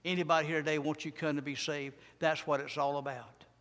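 A man's voice: fairly high pitch, flat delivery, fast talker, a bit bright, in a large hall. A man preaching a sermon in a church, emphatic and repetitive, with rising and falling intensity.

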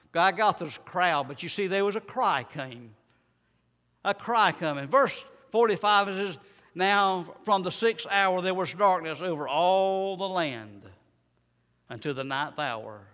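Preacher in a reverberant hall. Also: male voice, on the high side. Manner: dramatic swings between loud and soft, repeated rhetorical questions. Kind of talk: sermon.

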